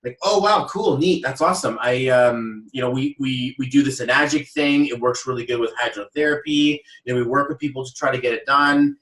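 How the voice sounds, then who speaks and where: Animated man telling a story, roomy sound. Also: medium pitch, a little fast, few pauses. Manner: animated storyteller who acts out quotes. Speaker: podcast host. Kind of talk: casual chat. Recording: roomy echo, voice a little far off mic.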